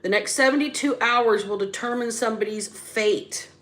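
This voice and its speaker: A woman's voice: fairly high pitch, moderate pace, a bit bright. A woman doing a spiritual tarot reading, blunt and casual, drawing words out with sudden emphatic bursts. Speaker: psychic tarot reader.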